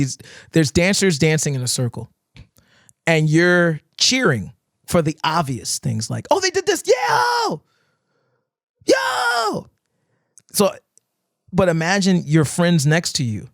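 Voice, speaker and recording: A man on a podcast telling stories in casual chat, animated, swearing freely and acting out cheering friends. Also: a little high, no echo, studio quality. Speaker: guest dancer. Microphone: podcast microphone.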